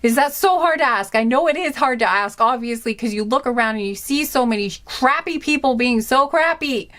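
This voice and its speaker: A young woman tarot reader gives a casual reading in a high-pitched, fairly quick voice. She sounds animated and indignant, rambling with lots of restarts and filler words.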